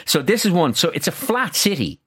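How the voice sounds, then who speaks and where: A man's voice: high-pitched, very animated, a little fast, fairly bright tone, slightly rough. Chatty man telling travel stories. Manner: enthusiastic storyteller, chatty with many restarts. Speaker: travel journalist guest. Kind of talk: casual radio chat.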